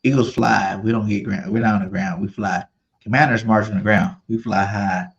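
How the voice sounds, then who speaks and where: A man's voice: lowish voice, steady tone, normal speed, vocal fry, muffled recording. A man co-hosting a casual sports debate, boasting about his team and insisting on it over and over. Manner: boastful, insistent fan banter. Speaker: sports podcast co-host.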